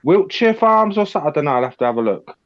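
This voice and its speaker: A man's voice: sits high, big pitch swings, rapid-fire, lo-fi sound. An English man chatting casually as a livestream guest, teasing the others with crude insults. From England.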